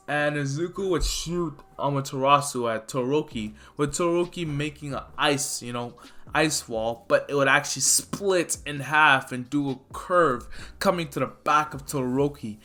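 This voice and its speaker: A man's voice: a little high, normal speed, pushed and bright. A man casually narrating a fan-made story, rambling with fillers and correcting himself as he goes.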